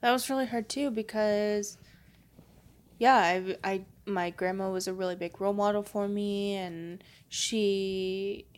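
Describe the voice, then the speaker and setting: Soft-spoken young woman, flat delivery. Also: mid-range voice, unhurried. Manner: soft-spoken, hesitant, many fillers. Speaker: podcast guest. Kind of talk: casual podcast conversation.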